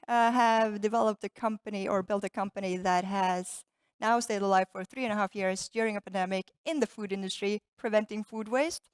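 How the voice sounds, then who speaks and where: Smooth-voiced woman founder introducing herself. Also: medium pitch, no echo. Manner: earnest self-introduction. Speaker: company founder and panelist. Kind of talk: panel talk.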